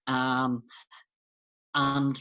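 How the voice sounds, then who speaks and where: A man's voice: mid-range voice, monotone, extremely slow, sharp tone, poor audio. A man hosting a casual podcast, explaining a story with enthusiasm and plenty of ums. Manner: enthusiastic, explaining with many fillers. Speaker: podcast host.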